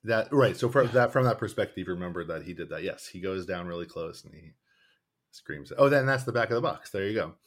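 A man's voice: low-pitched, fairly quick. A man co-hosting a podcast, chatting casually and retelling movie scenes. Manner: relaxed, retells scenes with quoted voices. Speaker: podcast co-host. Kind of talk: casual chat.

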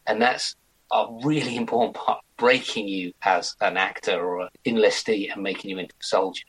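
A man in his forties, an actor chatting as an interview guest in an animated way. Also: lowish voice, fairly quick, husky, poor audio. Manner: chatty, animated, slips into mock accents. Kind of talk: casual interview chat.

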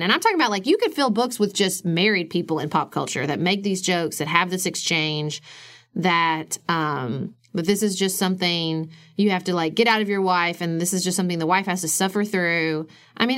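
A woman in her forties co-hosting a podcast, chatting casually and emphatically, her voice jumping up when she quotes others. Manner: animated, emphatic, swings up high when quoting others. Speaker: podcast co-host. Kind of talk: casual chat.

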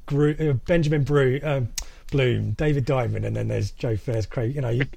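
A man's voice: mid-range voice, moderate pace, gravelly, mellow, husky, no echo. A man hosting a casual football podcast, chatty with many fillers and restarts. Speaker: podcast host.

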